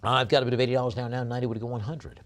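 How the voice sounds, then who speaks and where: A man working as a live auctioneer, reading out lot descriptions and then rattling off fast bid calls. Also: mid-range voice, level tone.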